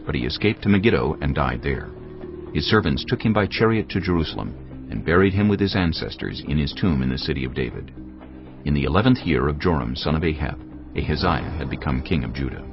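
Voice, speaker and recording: Very deep gravelly male narrator. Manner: dramatic, measured storytelling. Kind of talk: scripted scripture narration. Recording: dull lo-fi with background music.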